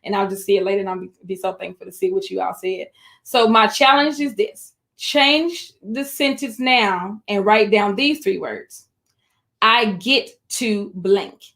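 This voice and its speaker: A woman presenting an online webinar for educators, encouraging and speaking directly to her audience, slowing down to stress key phrases over a computer microphone. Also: mid-range voice, creaky, a bit bright.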